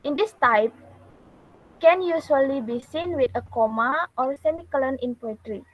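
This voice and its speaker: A young woman, a university student, giving a class presentation in a careful, halting way with pauses. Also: sits high. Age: young adult. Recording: dull lo-fi recording.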